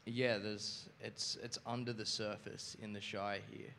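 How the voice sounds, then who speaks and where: Hesitant man, soft and low. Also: little pitch movement, vocal fry, slight background noise. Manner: hesitant, halting with fillers. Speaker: congregation member sharing. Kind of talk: casual sharing in a church talk.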